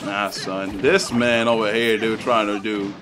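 A man giving excitable, profane live commentary over his own game matches, trash-talking opponents and hyping his plays. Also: on the low side, measured pace, music in the background. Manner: excitable, profane trash talk, swings between hype shouts and mutters. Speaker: gaming YouTuber.

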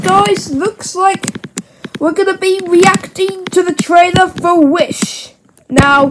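A woman hosting a casual toy reaction video, chatting excitedly and talking to her toys. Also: very high-pitched. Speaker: toy-play channel host. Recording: loud background hiss and clicks.

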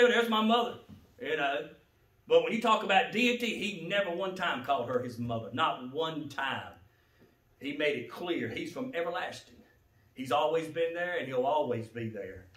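A male pastor preaching a sermon, swinging from low, quiet passages to loud shouted ones. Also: animated, moderate pace. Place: church sanctuary. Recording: echoey church sanctuary, mic at a distance.

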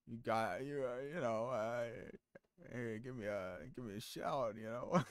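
A man's voice: mid-range voice, very animated, slow, no room sound, studio quality. A man streaming, chatting casually with his viewers in a rambling way full of fillers and restarts. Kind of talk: casual stream chat, reading chat aloud.

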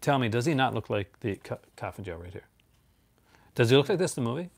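A man's voice: mid-range voice, very animated, fast talker, creaky, breathy edge, no room sound. A man hosting a casual, rambling chat about his movie collection, laughing often.

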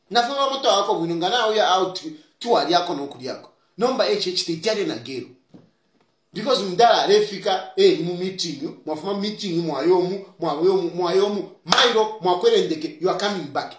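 A man's voice: high-pitched, lively intonation, a little fast, roomy sound. A man with a Zambian accent giving argumentative political commentary full of rhetorical questions. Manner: argumentative, rhetorical questions, mixes English with Bemba.

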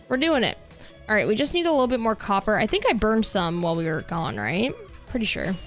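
A young Canadian woman with a higher-pitched voice, chatting loosely and rambling as she streams a game. She fills her talk with "like" and little asides to viewers. Soft music plays faintly under her voice. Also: very animated, a little fast. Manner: chatty, rambling, lots of "like" fillers. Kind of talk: casual live-stream chat while gaming.

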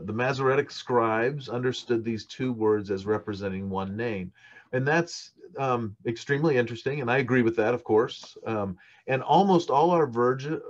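A man preaching a sermon in a thoughtful, halting way, with many fillers and restarts, on a dull church recording. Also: medium pitch.

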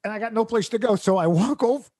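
A man's voice: high voice, fast, warm tone, dry recording, studio quality. A man hosting a comedy podcast, telling a rambling, exasperated story with laughs mixed into his sentences.

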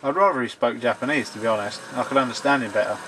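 A man giving gaming commentary, excitable and swearing jokingly at the game. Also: mid-range voice, racing, noisy background. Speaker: let's play gamer.

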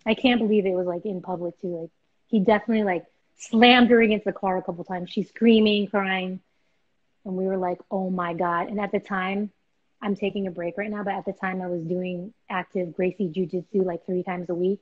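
A young woman hosting a live stream, chatting casually and telling a story with lively, acted-out voices. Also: mid-range voice, brisk. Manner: animated storytelling, acts out voices. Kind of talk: casual chat. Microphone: video call. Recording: dull lo-fi live stream audio.

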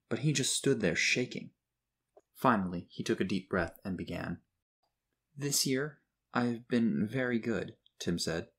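Reading a children's story aloud, a man speaks in a measured, expressive manner. His voice is low-pitched, husky, and somewhat breathy, suited to storybook narration.

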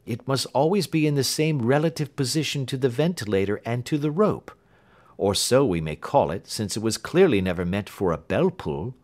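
A man reading an audiobook who voices a keen, confident Victorian male detective, raising his voice and explaining briskly. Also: medium pitch, voice pushed up. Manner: brisk, lively, lecturing.

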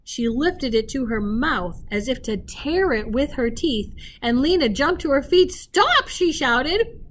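A woman teacher reading a children's novel aloud with an expressive delivery, stopping now and then to talk to her listeners. Her voice sits on the higher side, with faint background noise. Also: measured pace.

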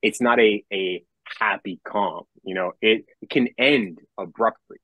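Young man, low voice, rambling casual podcast talk, swears, dry close sound. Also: unhurried, a bit bright, no echo. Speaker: metal musician and songwriter.

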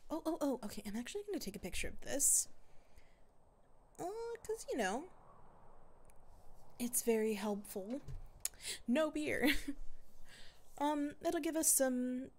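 A woman's voice: a little high, lively intonation, unhurried, long pauses, slight background noise. A woman giving casual gameplay commentary as a let's play creator, rambling and thinking aloud with frequent laughs. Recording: loud mouse and keyboard clicks.

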